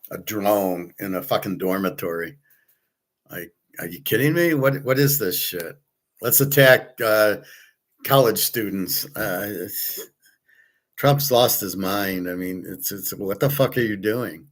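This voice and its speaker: A man's voice: low-pitched, fairly bright tone. A man talking in a blunt, rambling monologue, full of profanity, fillers and restarts, who acts out both sides of imagined conversations. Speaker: sports handicapper and commentator.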